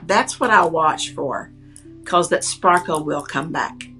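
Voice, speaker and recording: Low-pitched female medium, earnest and animated storyteller, faint guitar bed. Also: slow pace. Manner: earnest, animated, acts out the people she quotes. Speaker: psychic medium. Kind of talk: personal storytelling.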